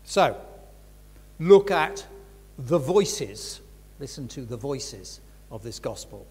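A man's voice: mid-range voice, big pitch swings, slow pace, darkish tone, breathy edge. An older man giving a reflective Bible teaching talk as a preacher, frank and conversational, with emphatic stresses. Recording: long reverb of a large hall.

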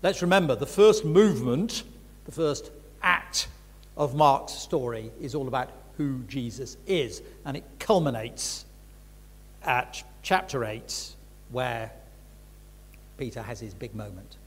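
In a large hall with long reverb, an older male preacher gives a reflective, frank, conversational Bible teaching talk, stressing points emphatically. He has a mid-range, slightly rough voice and a slow pace.

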